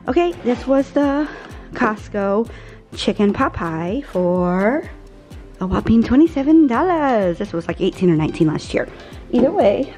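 Slightly out of breath, a woman vlogger in her forties chats through her grocery haul in an upbeat, rambling way. Her voice is medium-pitched with a dark tone.

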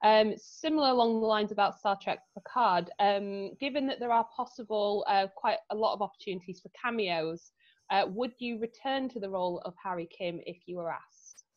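A woman's voice: mid-range voice, normal speed, dull audio. A woman reading an audience question aloud in an interview, a little hesitant with fillers. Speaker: question reader.

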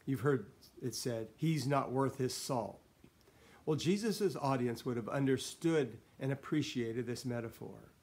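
A middle-aged man, a pastor, giving a midweek devotional talk, reading scripture in an earnest way and often clearing his throat. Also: mid-range voice, a little slow, a little mellow.

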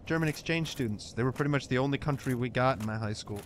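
A man's voice: medium pitch, fast talker, background noise. Sarcastic, pedantic man commentating a game. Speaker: let's play co-host. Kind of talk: casual gaming commentary chat.

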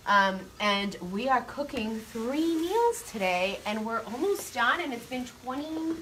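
A young woman hosts a live cooking show in a chatty, upbeat way, talking straight to her viewers. Her voice sits a touch high and sounds bright and forceful. A faint hum of noise runs behind her. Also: very animated, unhurried.

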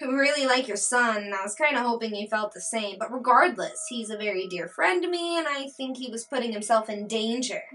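A woman's voice: a little high, expressive, a little fast, hardly any pauses, a bit bright, recorded from a distance, a little hiss or hum. A woman voicing an earnest young college girl. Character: college girl, earnest lab partner with a crush.

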